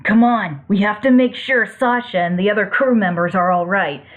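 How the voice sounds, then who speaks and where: A woman's voice: medium pitch, moderate pace, lightly acted. A woman voicing a young male hero who speaks in a firm, commanding way. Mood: urgent. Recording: tinny phone-like audio.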